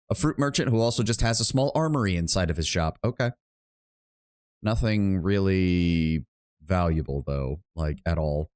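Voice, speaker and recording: A man's voice: low-pitched, moderate pace, a little mellow, clear, resonant tone. A man streaming a game, talking through it in a rambling, profane, self-mocking way. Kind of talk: live game commentary.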